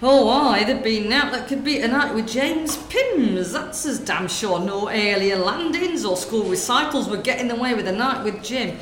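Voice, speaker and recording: A woman's voice: on the high side, expressive, normal speed, hardly any pauses, fairly bright tone, a little hiss or hum, pitched above the performer's own voice. Woman doing a gossipy shopkeeper. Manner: chatty, nosy and cheeky. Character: gossipy middle-aged northern shopkeeper woman. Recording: roomy room sound.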